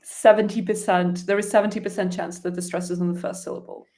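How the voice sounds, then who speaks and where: A woman's voice: mid-range voice, flat delivery, fast talker, a little mellow. A woman hosting a conversation about language teaching, who talks in a chatty way and often chimes in with agreement. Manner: chatty, offers frequent agreement. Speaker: host. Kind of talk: conversational interview.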